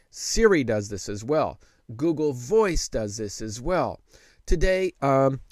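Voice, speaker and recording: A middle-aged man hosting a casual tech tutorial, relaxed and conversational, with frequent fillers and restarts. He slows down to speak very deliberately when he demonstrates dictation. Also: mid-range voice, no echo.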